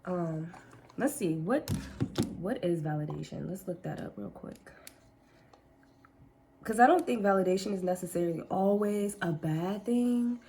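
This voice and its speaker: As she gets ready at home, kitchen first and then upstairs, this vlogger keeps up a casual chat, laughing often and calling viewers "girl." Her voice is on the low side, mellow and animated, unhurried with long pauses, and there's slight background noise.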